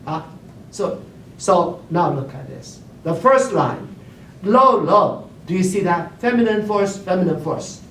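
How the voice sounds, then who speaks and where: Male teacher, unhurried, checks in with students often; roomy distant classroom sound with faint hiss. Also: high voice, animated. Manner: keeps checking in with the class, hums and sings examples. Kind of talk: classroom lecture. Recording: roomy classroom recorded from afar.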